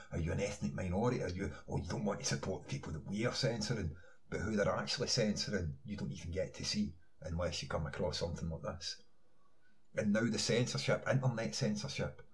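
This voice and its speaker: A man's voice: lowish voice, poor audio. A man in a ranting online monologue, insistent, firing rhetorical questions and filling gaps with "you know". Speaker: online commentator.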